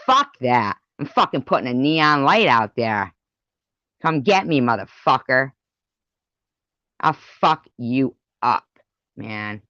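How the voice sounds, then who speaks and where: A woman's voice: a bass voice, a bit bright, no room sound, dull audio. A woman vlogger in an angry, profane rant to the camera, taunting and repeating words for emphasis.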